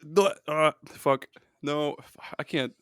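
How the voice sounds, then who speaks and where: A man's voice: a little high, takes it slowly, fairly bright tone, clean tone, no room sound, clean studio sound. A man hosting a podcast, talking in a loose way, swearing and laughing often. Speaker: podcast host. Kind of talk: casual podcast chat.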